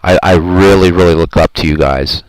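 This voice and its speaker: A man's voice: low voice, normal speed, no room sound, low-quality recording. A man hosting a live stream in casual chat, talking in an earnest, rambling, heartfelt way and answering his viewers' comments.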